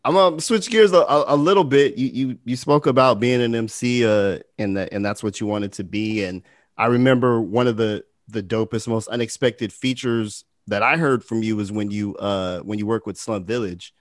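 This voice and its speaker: A man's voice: fairly low pitch, normal speed, no room sound, studio quality. A man hosting an interview, asking questions in a loose, stumbling way and repeating words. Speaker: interviewer host. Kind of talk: conversational interview.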